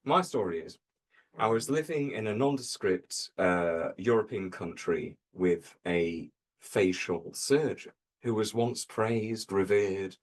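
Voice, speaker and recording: A man on a comedy panel telling an absurd dark tall tale in a dry, deadpan way, with hesitant fillers. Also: lowish voice, takes it slowly.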